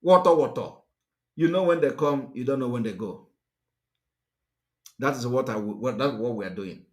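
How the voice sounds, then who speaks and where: A man's voice: medium pitch, moderate pace. A man with a Nigerian accent gives a fiery, repetitive, emphatic political monologue as a livestream host.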